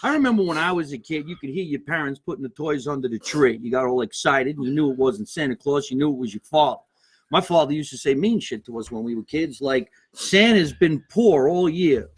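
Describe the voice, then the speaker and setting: A man's voice: mid-range voice, fast, husky. A man hosting a live comedy podcast, brash and profane, joking constantly. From New York. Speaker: comedian host.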